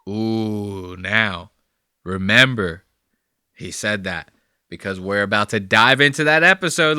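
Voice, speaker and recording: A man's voice: fairly low pitch, a little slow, sharp tone, some chatter behind, a little hiss or hum. A man hosting a podcast, riffing crude and profane comedic commentary in a rambling, conversational way on a close mic. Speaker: podcast host.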